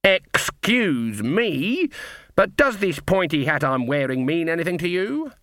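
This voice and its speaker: A man's voice: fairly high pitch, expressive, a little slow, a bit bright, no room sound, studio quality, voice pushed up. A man voicing a bossy, proud old woman witch who speaks sharply and indignantly.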